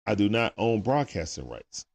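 A young man from with a low, lively voice that rises and falls a lot. He talks in a relaxed, slangy way while hosting a live stream and answering viewer chat. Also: normal speed. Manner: laid-back, chatty, animated talk with slang. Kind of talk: casual live commentary, reading chat.

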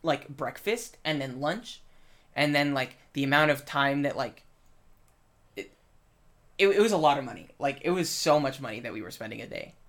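A man's voice: mid-range voice, expressive, normal speed, pauses often, fairly bright tone. A man in casual chat, rambling with lots of filler words and swearing while telling a story from a film set. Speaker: film crew member.

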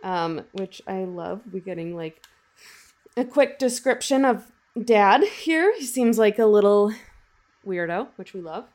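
A woman co-hosting a casual book-chat podcast, summarizing chapters in a relaxed way with many ums. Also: medium pitch, unhurried. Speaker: podcast co-host.

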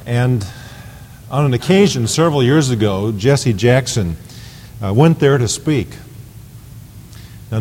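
Man preaching in church, mid-pitched voice, swells loud on the big lines, long hall echo. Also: a little hiss or hum. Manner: preaching with emphatic swells on key phrases. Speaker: pastor. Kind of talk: sermon. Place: church sanctuary.

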